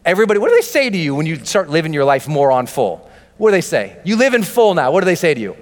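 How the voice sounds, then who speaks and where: A man giving a motivational seminar talk, emphatic and driving, building to shouts in repeated rallying phrases. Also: fairly high pitch, very animated, racing. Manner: emphatic, rising to shouts, repetitive rallying cadence. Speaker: motivational speaker. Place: large seminar hall with audience. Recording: echoey hall reverb with faint music.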